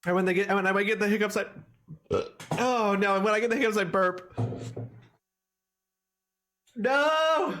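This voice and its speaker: A man streaming a video game, chatting casually with animated, rambling asides. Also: high-pitched, quick pace.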